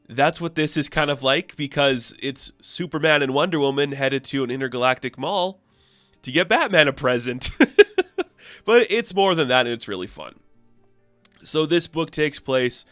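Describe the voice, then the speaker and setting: A man's voice: medium pitch, a bit bright, dry recording. Chatty man reviewing comics. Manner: chatty, enthusiastic, laughs often.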